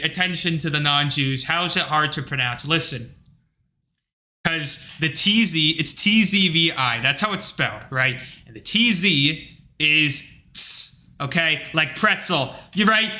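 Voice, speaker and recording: A man hosting a livestream, talking in a rambling, casual rant full of fillers and blunt asides. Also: a little high. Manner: rambling, filler-heavy, animated retelling; blunt, with occasional profanity. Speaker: livestream host.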